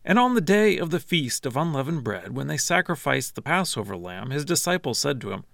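A man narrating a scripture reading in a steady, measured way. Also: mid-range voice, vocal fry, no echo, clean studio sound. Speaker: scripture reader.

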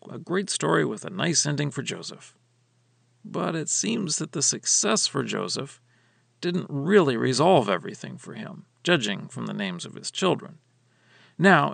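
A male Bible teacher reads a chapter aloud and then explains it in a measured, expressive way. His voice is strongly gravelly and varies widely in pitch. The recording is dry and close. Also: dry recording. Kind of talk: scripture reading and commentary.

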